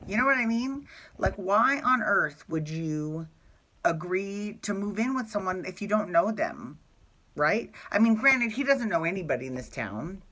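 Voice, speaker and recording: Man, recap host, casual and gushing, lots of quick asides and sheepish apologies. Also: high voice, sing-song, pushed and bright. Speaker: soap opera recap host. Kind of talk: casual chat.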